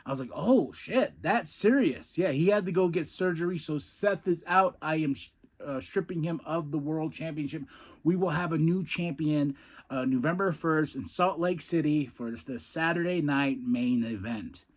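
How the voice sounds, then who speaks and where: A man with a slightly higher voice tells stories from his wrestling days in a loose, rambling style. He stumbles and repeats words, breaks into laughs, and then drifts into recapping a wrestling show like a podcast host. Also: moderate pace. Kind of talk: casual storytelling and wrestling recap.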